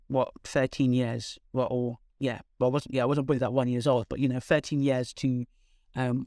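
A woman, a guest telling her life story in conversation, candid and animated with quick asides. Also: a bass voice, dry recording, studio quality. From London, England.

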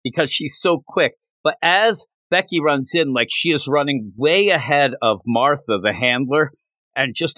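A man's voice: mid-range voice, expressive, measured pace, pushed and bright, no echo. Male podcast host, enthusiastic rambling recap, dead dry recording. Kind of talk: casual manga chapter recap.

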